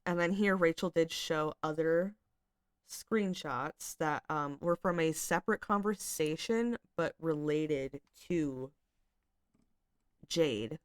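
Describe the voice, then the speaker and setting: A young woman with a somewhat low voice gives casual commentary while she reads screenshots aloud. She talks in a chatty, exasperated way, full of filler words. The recording is dry and close, with no room sound. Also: slow, dry recording. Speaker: commentary channel host.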